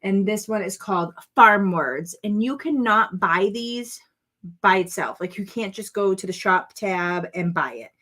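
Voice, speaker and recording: A woman's voice: medium pitch, expressive, a little slow, sharp tone. A woman in her thirties or forties hosting a casual crafting vlog, chatty, rambling and playful with her viewers. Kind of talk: casual livestream chat.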